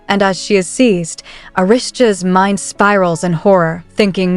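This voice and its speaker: A woman's voice: mid-range voice, steady tone, unhurried, smooth, soft background music. A woman narrating a story recap in a scripted style, reading the characters' dialogue in her own voice. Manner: reads every character's lines in her own voice.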